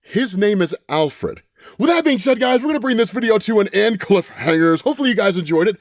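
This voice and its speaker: A man's voice: sits high, fast, no echo, clean studio sound. A man casually recapping a comic book story, talking conversationally and often checking in with the listener. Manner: conversational, frequent tag questions. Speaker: comics explainer host.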